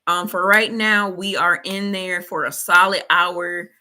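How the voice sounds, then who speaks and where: A woman's voice: lowish voice, fairly even intonation, unhurried, sharp tone. A woman hosting a motivational faith talk, colloquial, preachy and repetitive. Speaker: host.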